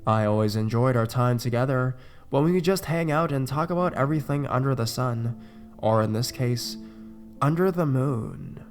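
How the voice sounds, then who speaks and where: A man reading a first-person scary story aloud, his voice at an ordinary, middle pitch. He keeps a steady, conversational pace. Faint guitar music plays underneath. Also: moderate pace. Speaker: narrator.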